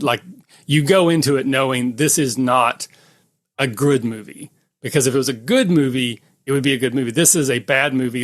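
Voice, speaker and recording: A man's voice: mid-range voice, fairly bright tone. A man who designs tabletop games, joking about himself as a podcast guest. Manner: jokey, self-deprecating. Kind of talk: casual chat.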